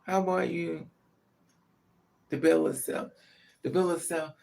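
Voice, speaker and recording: A woman casually telling a personal story on a vlog, frank and profane, laughing as her voice swings between loud outbursts and hushed asides. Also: low voice, steady tone, slow, gravelly, noisy background. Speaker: vlogger.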